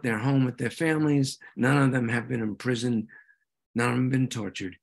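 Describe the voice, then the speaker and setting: Earnest man giving a halting talk. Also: a little high, a bit bright. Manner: earnest, halting, with many restarts. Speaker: presenter at a veterans' group meeting. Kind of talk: informal talk with slides.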